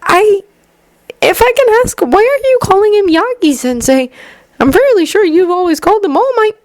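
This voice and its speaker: A woman voicing an excitable, gentle teenage boy who sounds bright, earnest and eager. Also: extremely high pitch, normal speed, no echo, pitched above the performer's own voice. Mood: earnest, caring.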